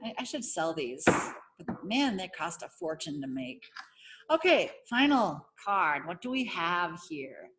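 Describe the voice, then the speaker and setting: A woman's voice: fairly low pitch, big pitch swings, a little slow, fairly bright tone, slight background noise. A woman giving a casual spiritual oracle card reading as a coach, searching for words with many fillers and restarts. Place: home setting.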